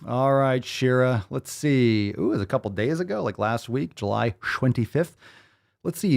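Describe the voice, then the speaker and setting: A man's voice: on the low side, normal speed, gravelly. A man hosting a podcast, ranting with blunt, profane, sarcastic commentary and mocking asides. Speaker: podcast host.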